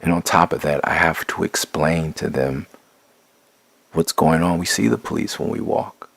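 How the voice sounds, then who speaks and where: A man's voice: rumbling low, moderate pace, gravelly, fairly bright tone, no room sound. A middle-aged man giving a blunt, profane, impassioned spoken monologue, restarting and building in intensity. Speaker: rapper sharing his views.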